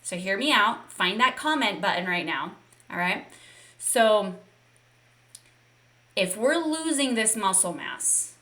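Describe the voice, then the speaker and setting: A woman's voice: medium pitch, expressive, slow pace, pauses often, bright, forceful tone. A woman fitness coach leading a live online session, upbeat and encouraging and talking straight to her viewers.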